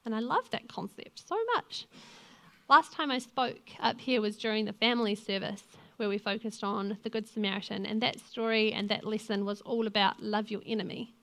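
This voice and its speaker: A young woman, a lay preacher and youth leader, gives a sermon in an earnest, conversational manner, weaving in personal stories. Her voice is medium in pitch, a bit bright, with fairly even intonation at a moderate pace.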